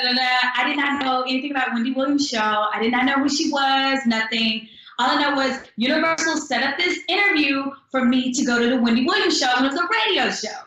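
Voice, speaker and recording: A young woman singer-songwriter tells her stories with lively, upbeat energy, slipping into little voices when she quotes people. Her tone is bright and a bit high, and the room around her rings with strong echo. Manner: animated, acts out quotes, upbeat. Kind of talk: casual storytelling interview. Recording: echoey room.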